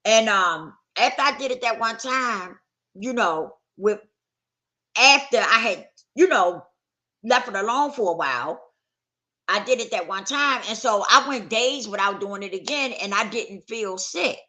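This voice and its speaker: A woman's voice: fairly high pitch, lively intonation, unhurried, pushed and bright. A woman sharing her personal testimony in candid, conversational storytelling, acting out the voices of people she quotes. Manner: conversational, acts out quoted dialogue.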